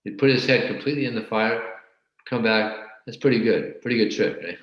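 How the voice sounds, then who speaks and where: A man teaching a scripture class and telling a story in a halting way, often repeating words. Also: lowish voice, muffled recording. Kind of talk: storytelling religious lecture. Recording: very echoey room.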